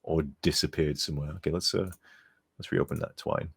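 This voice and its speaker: A man's voice: very deep voice, fairly even intonation, a little fast, creaky, slightly rough. A tired man streaming as a game modder, rambling and chuckling as he reads chat aloud, sometimes turned away from his desk mic. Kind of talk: casual live-stream chat.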